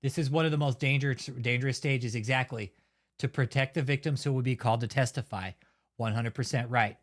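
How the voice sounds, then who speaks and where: A man's voice: medium pitch, fairly even intonation, fairly quick. A man hosting his own channel, delivering a heated, heavily profane and blunt rant of commentary. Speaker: channel host. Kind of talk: angry ranting commentary.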